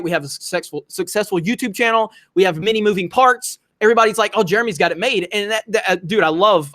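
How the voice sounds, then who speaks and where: Animated, profane livestream host, high voice. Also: male voice, no echo, clean studio sound. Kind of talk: casual livestream chat.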